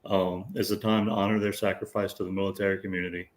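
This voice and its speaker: A man with a very deep voice reads through monthly news items for a talk show. He keeps an even, nearly monotone delivery with a few hesitations. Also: a little hiss or hum. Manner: steady, measured reading. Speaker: guest reading news.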